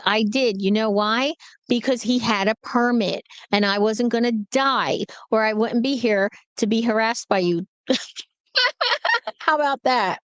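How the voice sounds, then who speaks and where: A woman's voice: fairly high pitch, smooth, no room sound. A tired woman truck driver on a casual livestream, telling stories and answering viewer comments. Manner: chatty storyteller, reads and answers viewer comments. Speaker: truck driver streaming live.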